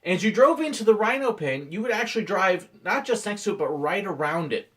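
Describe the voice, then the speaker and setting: A man's voice: high voice, a little fast. A man, a former theme park ride operator, telling playful stories in vlog-style narration. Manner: playful, animated storyteller.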